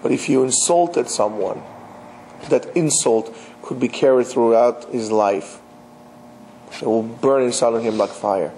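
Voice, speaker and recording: A man's voice: medium pitch, measured pace, warm tone, a little hiss or hum, low-quality recording. A man, a rabbi, giving an emphatic religious lecture and speaking straight to his listeners with rhetorical questions. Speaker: rabbi teaching.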